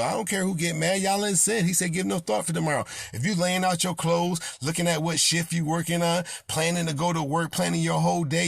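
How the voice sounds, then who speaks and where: A man with a high voice and vocal fry preaches a fervent sermon as a self-proclaimed prophet, repeatedly rebuking and confronting his listeners. The studio-quality recording has no echo.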